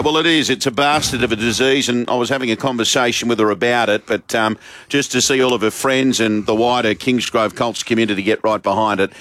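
An Australian man hosts a sports radio show in an easygoing, matey way. He talks close to the mic, with a dry studio sound and no room echo. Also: mid-range voice. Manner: relaxed, matey. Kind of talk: casual radio chat.

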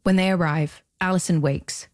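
A woman hosting and narrating a documentary podcast in a measured, scripted storytelling delivery. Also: lowish voice, steady tone, slight background noise.

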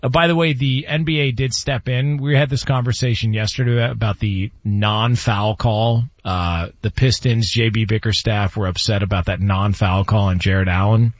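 A man's voice: lowish voice, moderate pace, few pauses, no echo. A man hosting a sports talk show, chatting casually, joking and rambling. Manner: animated, joking, laughs often, rambling. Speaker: sports talk radio host. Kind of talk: casual sports radio chat. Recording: dry, slightly dull studio audio.

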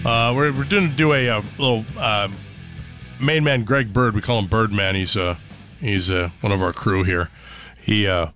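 A man's voice: on the low side, moderate pace, a bit bright, soft background music. Rambling male radio morning host. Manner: rambling, many fillers and restarts. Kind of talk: casual radio chat. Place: radio studio.

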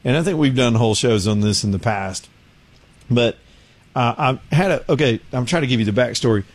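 A man's voice: mid-range voice, a little fast, no room sound. Man telling stories. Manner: storytelling, acts out voices and laughs often. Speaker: radio show host. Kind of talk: casual chat.

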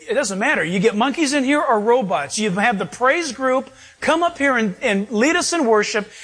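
High-voiced man preaching a sermon. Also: fairly bright tone, slightly rough. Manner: preaching with rhetorical questions and scripture readings. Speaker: pastor.

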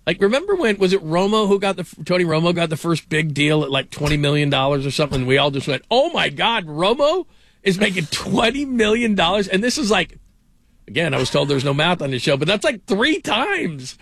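Rambling middle-aged sports radio host. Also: male voice, high voice, animated, brisk, fairly bright tone, dry recording. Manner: rambling storyteller, many "like" fillers. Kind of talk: casual sports talk.

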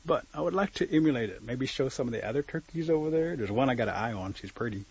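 A man's voice: medium pitch, lively intonation, fast, a little mellow, breathy edge, highs cut off. A man voicing a vain, pushy male turkey who coaxes and wheedles in a folk tale. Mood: wheedling. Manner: coaxing, wheedling.

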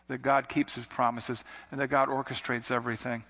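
A man's voice: mid-range voice, little pitch movement, normal speed, gravelly, a bit bright. A man preaching a sermon in an earnest, conversational way, circling back to repeated phrases. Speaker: pastor. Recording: long hall reverb.

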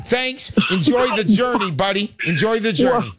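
A man's voice: sits high, animated, moderate pace, fairly bright tone, slight background noise. A man hosting a call-in radio show, talking in a brash, salesy, joking way.

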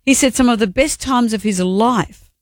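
A woman's voice: fairly high pitch, moderate pace, dry recording, studio quality. Chatty radio co-host woman. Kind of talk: casual radio banter.

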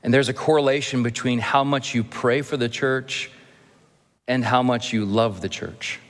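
A man preaching a sermon as a church pastor, earnest and gently humorous, with emphatic pauses. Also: mid-range voice, fairly even intonation. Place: church sanctuary. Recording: long reverb of a church hall.

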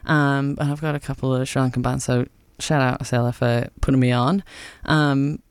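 A man's voice: mid-range voice, level tone, normal speed, clear, resonant tone, no echo. A male radio host running a casual, chatty interview with enthusiasm.

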